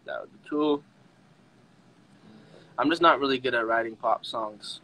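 A young man hosting a casual livestream, emotional and laughing, talking in halting restarts. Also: mid-range voice, sharp tone, low-quality recording. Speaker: livestream host.

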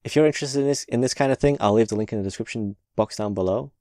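A man's voice: mid-range voice, rapid-fire, mellow, no echo, studio quality. A man hosting a reaction video, commenting casually on clips, laughing often and swearing freely.

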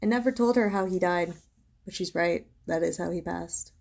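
A woman's voice: lowish voice, normal speed, creaky, a little mellow. A parent telling an eerie story about her child in a plain, matter-of-fact way. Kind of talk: casual storytelling to camera.

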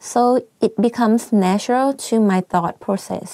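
A woman's voice: medium pitch, moderate pace, dark tone, dry recording. A young Thai woman chats through a language lesson with a light, giggly ease and a Thai accent. Her voice sits in a middling register. The sound is close and dry, with no room around it. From Thailand. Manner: chatty, giggly, switches between Thai and English. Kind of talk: casual teaching vlog.

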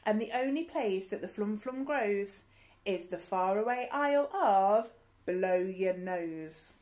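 A grave old doctor delivers his verdict in a slow, solemn rhyme, as a woman reads him aloud in a storybook. It stays near her own voice, unhurried and melodic. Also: mid-range voice, lively intonation, a little mellow.

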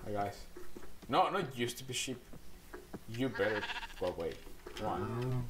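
A man chatting loosely through his gameplay, drifting from topic to topic and coaxing in-game animals with a playful, teasing manner. His voice sits at a middle pitch. Clicks and game sounds come through clearly behind him. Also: animated, unhurried, pauses often, noisy background. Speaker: gaming channel host. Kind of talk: casual gameplay commentary.

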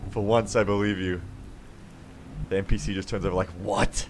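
A man streaming a strategy game, commentating sarcastically and jumping to excited yelps. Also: lowish voice, a little fast. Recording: game stream with music behind.

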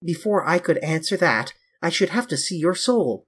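A reader voicing a grave, earnest male painter who pleads and reproaches his young friend, with a husky tone. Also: on the high side, lively intonation, normal speed, a bit bright. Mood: pleading.

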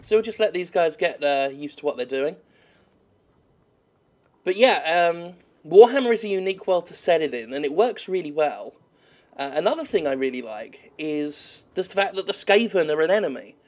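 A man giving sweary, joking let's-play commentary while he plays a game, with excitable outbursts. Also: on the high side, moderate pace. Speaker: games critic playing a game.

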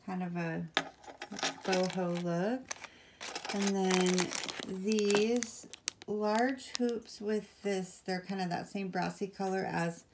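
A woman's voice: medium pitch, fairly even intonation, slow, noisy background. A woman chatting casually on camera at home, showing items one by one and rambling with lots of ums and apologies. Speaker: vlogger. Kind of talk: casual haul video chat.

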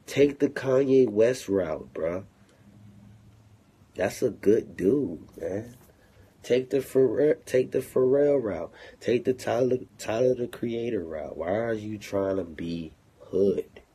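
A man's voice: fairly low pitch, lively intonation, slow pace, warm tone, slightly rough. A man streaming live to fans from his phone, in a profane, taunting, confrontational rant. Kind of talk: livestream rant.

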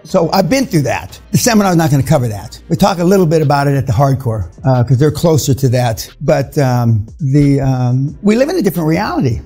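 An older man in his seventies, speaking with a slightly raised pitch as he lectures a seminar room. His talk is blunt, profane and confrontational, full of fillers. Faint music plays underneath. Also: very animated, brisk, hardly any pauses, dark tone, breathy edge. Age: 70s.

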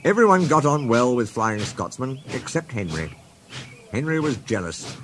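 Expressive male storybook narrator. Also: medium pitch, moderate pace. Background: music.

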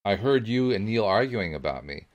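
A man's voice: lowish voice, expressive, lo-fi sound, natural voice. A man reading the part of a worried young boy who pleads and blurts out questions. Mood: miserable. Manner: anxious, pleading, rushed.

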